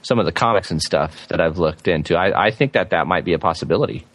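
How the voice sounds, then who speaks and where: A man co-hosting a casual TV recap podcast, thinking aloud in a relaxed, hesitant way. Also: low voice, fast, dry recording. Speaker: podcast co-host.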